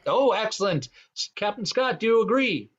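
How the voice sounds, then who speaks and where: A man's voice: high voice, expressive, normal speed, a bit bright, breathy edge, highs cut off. A man hosting an online improv comedy game, explaining rules with plenty of fillers. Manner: rambling, many fillers. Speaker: improv show host.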